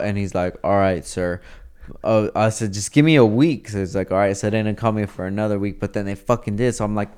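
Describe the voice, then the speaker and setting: A man's voice: fairly low pitch, brisk, a little mellow, smooth. A man in casual podcast chat, talking brashly and profanely and mimicking people in his stories.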